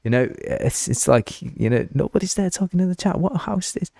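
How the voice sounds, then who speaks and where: A young man from Uruguay, hosting a game engine livestream in a rambling, excitable chat full of fillers. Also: high-pitched, a little fast, gravelly, no room sound, clean studio sound. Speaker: livestream host.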